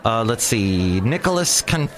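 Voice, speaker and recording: In a small hot room with some chatter behind him, a man in his forties delivers a casual solo podcast monologue. His mid-range voice is sing-song and unhurried as he rambles, jokes, and wanders into asides.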